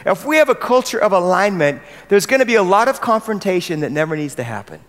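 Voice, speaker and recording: A man's voice: high voice, big pitch swings, quick pace, a bit bright. An American man, a pastor, gives an earnest, emphatic sermon to church leaders and asks the room questions. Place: large hall with other church leaders. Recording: long hall reverb.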